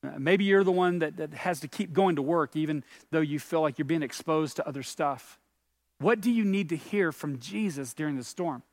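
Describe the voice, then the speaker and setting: Pastor, male, high voice, earnest sermon delivery with emphatic swells, dry close sound. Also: moderate pace, dry recording. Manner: earnest, builds to emphatic peaks on key phrases; conversational with restarts, asks the listener questions.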